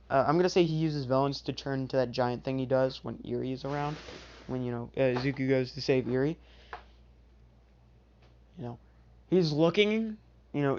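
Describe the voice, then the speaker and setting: A storyteller improvising a fan-made what-if story, rambling with many filler asides. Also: mid-range voice. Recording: dull lo-fi recording.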